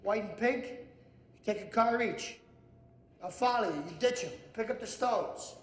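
An actor playing a brash, hot-tempered gangster who swears, blusters and mocks in film dialogue. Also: male voice, high voice, a little slow. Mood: commanding. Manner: profane, blustering, sarcastic. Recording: echoey film soundtrack with long reverb.

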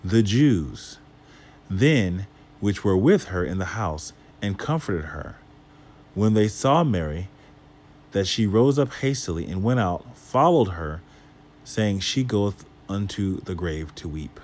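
Low-voiced man teaching from scripture. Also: expressive, takes it slowly, darkish tone. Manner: reads scripture aloud then explains it with rhetorical questions; casual asides to the listeners. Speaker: Bible teacher. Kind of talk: Bible study teaching.

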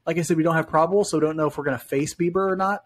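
A man's voice: on the high side, steady tone, rapid-fire. A man co-hosting a sports podcast, chatting in a friendly, self-deprecating way. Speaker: podcast co-host. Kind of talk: casual sports chat.

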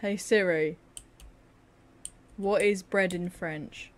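A woman's voice: fairly low pitch, steady tone, takes it slowly. A tired young woman giving casual, sarcastic, self-mocking commentary over her gameplay. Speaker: gaming video creator.

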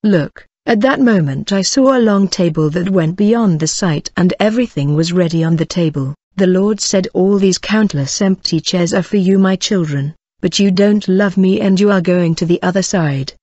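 A woman recounting a religious testimony in an earnest, steady storytelling manner. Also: lowish voice, moderate pace, few pauses, no echo. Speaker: testimony narrator. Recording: dull lo-fi dry recording.

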